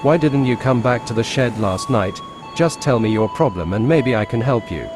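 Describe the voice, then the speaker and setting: A man voicing a kind, wise old male engine who speaks calmly and reassuringly, for a fan storybook tale. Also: mid-range voice, normal speed, over music, close to an everyday voice. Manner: calm, reassuring.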